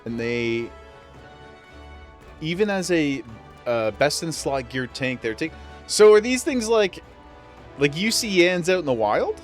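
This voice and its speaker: A man's voice: fairly high pitch, sing-song, a little slow, pauses often, faint music behind. Chatty playful gaming streamer, a man. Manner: chatty, playful, self-mocking. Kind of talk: casual gameplay commentary.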